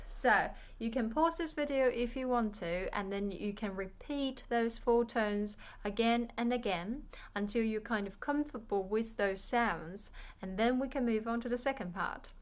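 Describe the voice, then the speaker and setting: A woman's voice: on the high side, a bit bright. A woman teaching a beginner language lesson on camera, patiently saying each sound aloud in drills for the viewer to repeat.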